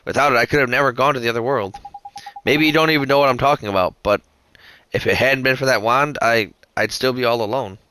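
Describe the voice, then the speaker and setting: A man voicing an earnest, lonely but hopeful young boy in a gentle way. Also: mid-range voice, quick pace, slight background noise, natural voice.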